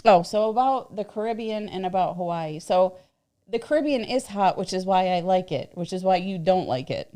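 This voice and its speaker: A woman's voice: on the low side, lively intonation, moderate pace, mellow. A woman co-hosting a casual livestream, chatty and teasing, reading out viewer comments and laughing easily. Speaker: livestream co-host.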